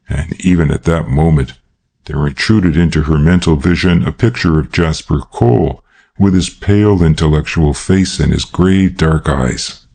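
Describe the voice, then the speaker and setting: A male narrator reading a classic crime novel with a measured, unhurried delivery. His voice is very deep and dark, with a husky texture. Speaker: audiobook narrator. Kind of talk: scripted narration.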